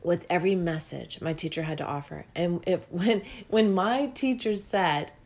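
A woman's voice: lowish voice, moderate pace, darkish tone. A woman giving a reflective spiritual talk about listening to the body, earnest and repetitive, her voice rising with feeling and at times close to tears.

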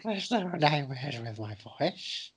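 A woman putting on a high, wheedling impression of a clingy male actor for comic banter. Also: expressive, breathy edge, exaggerated voice. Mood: creepy wheedling. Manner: wheedling, squeaky, drawn-out.

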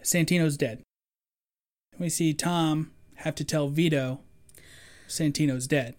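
A woman with a notably low voice, talking in an easy, casual way. She lays out events in a plain, matter-of-fact manner, one step after another. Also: fairly even intonation, slow pace, a little mellow. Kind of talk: casual chat recapping a film.

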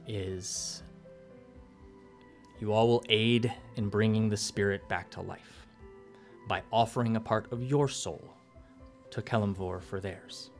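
A man narrating as game master of a tabletop game, explaining rules in a measured, step-by-step way. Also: fairly low pitch, steady tone, soft background music.

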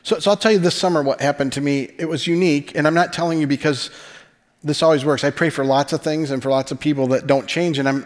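A man preaches a sermon from a church sanctuary, his voice in an ordinary middle register. He tells it like a conversation, often sinking to a hushed tone for emphasis. The sound carries a long hall reverb. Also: medium pitch. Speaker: pastor.

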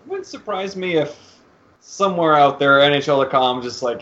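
Wry man with a higher voice. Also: animated, normal speed, fairly bright tone. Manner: wry, joking. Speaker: podcast co-host. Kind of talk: casual chat. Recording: dull recording.

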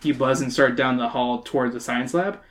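A podcast host reading a storybook aloud and trading jokes with friends between passages. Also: medium pitch. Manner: joking, quick asides. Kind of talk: casual read-aloud with banter.

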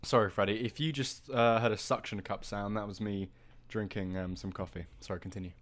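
A man's voice: on the low side, fairly even intonation, fairly quick. A young man co-hosting a casual podcast, rambling and teasing with lots of fillers and restarts. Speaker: podcast co-host.

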